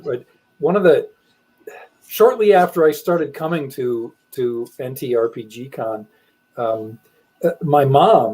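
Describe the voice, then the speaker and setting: A man's voice: mid-range voice, warm tone, rough recording. Modest man telling a wry story. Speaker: guest, game designer. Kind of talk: casual interview chat.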